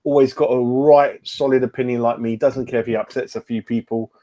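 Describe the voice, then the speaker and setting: A man's voice: medium pitch, fairly even intonation, fairly quick, warm tone. A middle-aged man hosting a football fan livestream in casual chat, greeting viewers by name and often repeating his words. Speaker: fan channel host.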